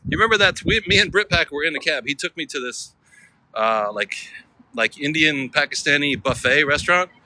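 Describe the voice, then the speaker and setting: A man's voice: fairly high pitch, animated, fairly quick, pushed and bright. Rambling American man vlogging outdoors. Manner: rambling, laid-back, laughs often. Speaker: travel vlogger. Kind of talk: casual walking vlog chat. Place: outdoors on a city street. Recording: city street noise with traffic.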